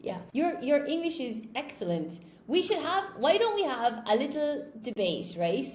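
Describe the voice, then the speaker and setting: An Irish woman leads a casual English conversation class over a video call, chatty and encouraging. Her voice sits high and swings widely in pitch. The room sounds echoey. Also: very animated, normal speed, a little mellow, slight background noise. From Ireland. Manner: chatty, encouraging, asks questions. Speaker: English teacher.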